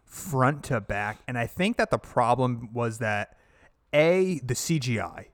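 A man's voice: medium pitch, animated, slow, a bit bright, no room sound, clean studio sound. A man co-hosting a casual podcast chat, blunt and opinionated, swearing and laughing often. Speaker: podcast co-host.

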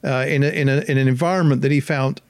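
A man's voice: mid-range voice, steady tone, fast, gravelly, a little mellow, dry recording. A man in casual podcast chat, talking in a thoughtful, reflective way as he explains ideas.

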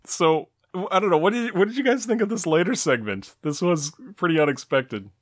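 A man's voice: high-pitched, a little fast, dry recording. Chatty male podcast host, dry sound. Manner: relaxed, chatty, frequent fillers. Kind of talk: casual commentary on an old talk show.

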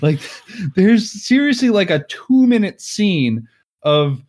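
A man's voice: high-pitched, big pitch swings, takes it slowly, darkish tone. A man co-hosting a podcast, casually recapping a movie plot, rambling with many "like"s and frequent chuckles. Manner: rambling, heavy on "like", chuckles often.

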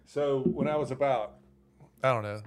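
A man's voice: mid-range voice, moderate pace, slight background noise. A man chatting as a guest on a podcast, hesitant and searching for words as he tells a story. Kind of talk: casual chat.

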